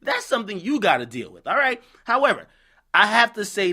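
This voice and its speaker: A man giving casual, profane commentary on posts he reads out, talking bluntly and excitably. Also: high-pitched, brisk. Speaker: gossip commentator.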